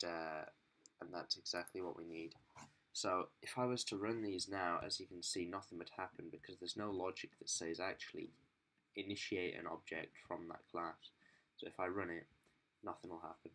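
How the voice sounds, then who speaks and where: A man's voice: low voice, pushed and bright, slight background noise. A man talking informally through a screen-recorded coding tutorial, thinking aloud with frequent ums and self-corrections. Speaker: student developer demonstrating software.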